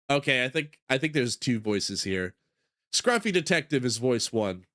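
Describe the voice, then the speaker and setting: A man's voice: medium pitch, big pitch swings, moderate pace, pushed and bright, a little hiss or hum. A man streaming a game playthrough, chatting playfully and rambling with his viewers. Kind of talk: casual game playthrough with read-aloud.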